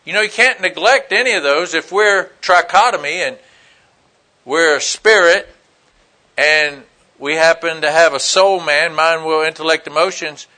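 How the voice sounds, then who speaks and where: A man's voice: high voice, bright, forceful tone. A man preaching a conversational sermon in a casual, plain-spoken way, with frequent "you know" fillers.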